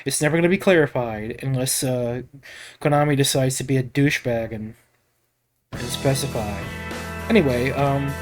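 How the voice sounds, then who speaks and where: A man's voice: medium pitch, normal speed, soft background music. A man hosting a let's play, talking in an emotional, rambling, casually profane way about the game. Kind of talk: casual gameplay commentary.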